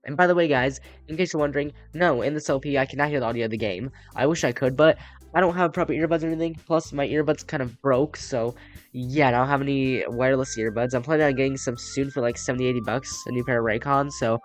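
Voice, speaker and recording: A man's voice: medium pitch, fairly quick, faint music behind. A young man giving casual, rambling let's play commentary and reading game text aloud, with upbeat sign-offs. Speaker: gaming YouTuber.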